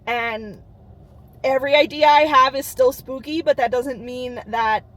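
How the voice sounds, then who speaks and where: A woman's voice: high voice, unhurried, fairly bright tone. Bubbly, earnest woman vlogger. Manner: bubbly, earnest, lots of fillers. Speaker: channel host. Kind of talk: casual to-camera vlog.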